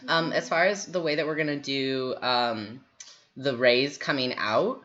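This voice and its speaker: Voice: medium pitch, a little slow, a bit bright. Rambling drawing instructor, muffled audio. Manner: rambling, self-deprecating, many fillers. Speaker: workshop instructor. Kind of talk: live drawing tutorial.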